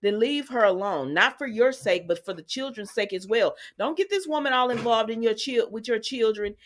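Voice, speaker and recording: A woman's voice: a little high, animated, normal speed. A woman hosting a casual soap opera recap, talking straight to her viewers in a chatty, sassy way.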